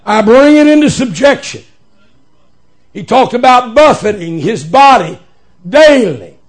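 A very high-pitched male preacher in full sermon flow. His delivery swings from hushed asides to shouted, ringing emphasis, with a folksy preaching cadence. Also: expressive, measured pace, long pauses.

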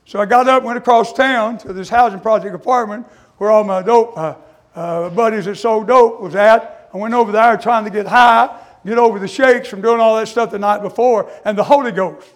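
A man preaching his testimony in a fervent sermon cadence, full of "uh" and "amen", moving between hushed confession and shouting. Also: sits high, steady tone, moderate pace.

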